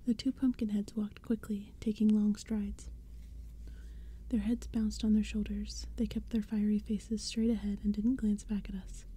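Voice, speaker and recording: A woman softly whispering a story as an ASMR audiobook reader. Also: mid-range voice, little pitch movement, normal speed, breathy edge. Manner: soft, whispered, gentle.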